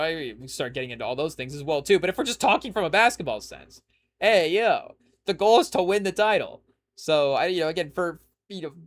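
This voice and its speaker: A man's voice: on the high side, fairly bright tone. A young man hosting a casual sports podcast, rambling through his points with lots of "you know" and "hey, yo" asides. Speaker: podcast host.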